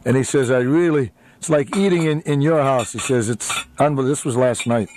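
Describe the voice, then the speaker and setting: A man's voice: mid-range voice, a little fast, a little mellow, slight background noise. A man who owns a restaurant, talking as a radio guest in a rambling way with lots of uhs and easy laughs. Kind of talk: casual radio interview chat.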